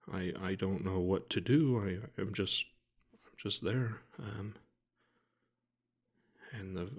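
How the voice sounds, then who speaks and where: A man speaks slowly in a low, gravelly voice as he tells his own story to the camera. He halts often and restarts his sentences, and his speech stays quiet and heavy throughout. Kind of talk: personal account told to camera.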